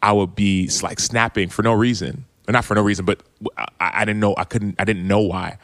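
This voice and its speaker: Deep-voiced man telling a heartfelt story. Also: steady tone, a little fast, fairly bright tone, dry recording. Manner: earnest, open, retelling quotes with frequent restarts. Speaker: podcast guest, former football player. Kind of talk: reflective storytelling.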